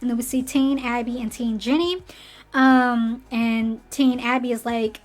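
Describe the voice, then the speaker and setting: Slightly hoarse, chatty woman ranting. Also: a little high, a little slow. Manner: chatty, animated, acts out character lines. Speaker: show commentator. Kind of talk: casual recap rant.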